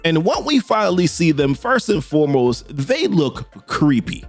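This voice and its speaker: A man's voice: sits high, moderate pace, vocal fry, hardly any pauses, soft background music. A man giving a chatty, casual recap of a comic book issue. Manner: chatty, animated.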